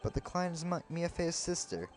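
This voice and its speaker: A man's voice: fairly high pitch, big pitch swings, moderate pace, soft background music, voice pushed up. A man voicing a young male defense attorney in a flustered, earnest way, close to his own voice.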